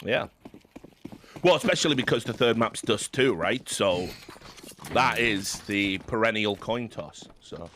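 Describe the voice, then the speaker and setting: A man giving relaxed, wry esports commentary. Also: lowish voice, unhurried, slight background noise. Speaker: esports caster. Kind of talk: casual commentary.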